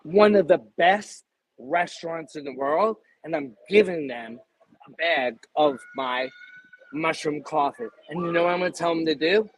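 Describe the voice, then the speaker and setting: A man in his fifties, a guest in a casual interview, talking in an emphatic, salesy pitching way. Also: moderate pace, rough recording. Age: 50s.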